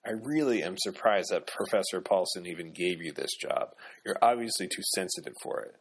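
A sullen, scornful young man, as a male narrator plays him who speaks in curt, dismissive lines. His voice sits very low and husky. It is an audiobook reading. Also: expressive, a little fast, heavily acted.

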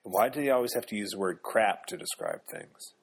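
Deep, husky male audiobook narrator. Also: huge pitch swings, a little fast. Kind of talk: scripted narration.

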